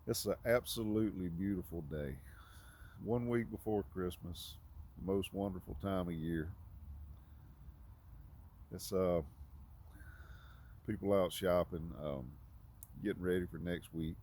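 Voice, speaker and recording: A man giving an informal, conversational sermon, halting often with fillers and restarts. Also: low voice, steady tone, a little mellow. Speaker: preacher.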